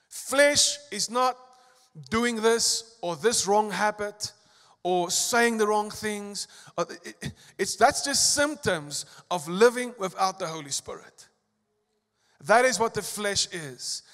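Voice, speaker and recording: A man preaching a sermon as a pastor, swinging between emphatic, rising lines and quiet asides. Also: sits high. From South Africa. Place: large church hall. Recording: long church hall reverb.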